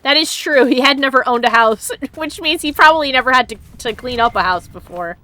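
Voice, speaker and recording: A woman's voice: sits high, a little fast, sharp tone. A woman streamer chatting casually while playing a game, laughing often and reading in-game notes aloud. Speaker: let's play streamer. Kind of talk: casual gameplay commentary.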